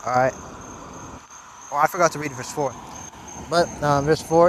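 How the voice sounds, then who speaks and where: A man teaching from scripture in an informal way. He keeps tagging his remarks with "man", "okay?" and "all right?", and reads the verses aloud louder and more formally than his own talk. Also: a little high, normal speed, pauses often, a little hiss or hum, rough recording. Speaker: religious teacher. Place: outdoors at a camp.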